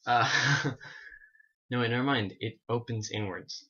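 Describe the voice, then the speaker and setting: Rambling man with a bright voice. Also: medium pitch, a little slow, highs cut off. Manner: rambling, animated, many restarts and asides. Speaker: vlogger. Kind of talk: casual storytelling vlog.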